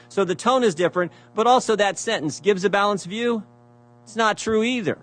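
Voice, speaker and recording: A man's voice: high voice, expressive, fast talker. A man giving a prepared speech at a hearing, reading out emails, repeating phrases for emphasis and asking pointed rhetorical questions. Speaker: speaker presenting evidence at a hearing.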